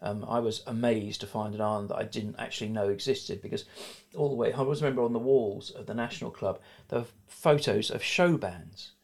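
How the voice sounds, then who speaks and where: A man's voice: on the low side, fairly even intonation, brisk, creaky, hardly any pauses. A man in his sixties with a middle-class South London accent, a guest in an interview talking frankly and rambling, with many fillers and restarts. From South London, England. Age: 60s. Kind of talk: conversational interview.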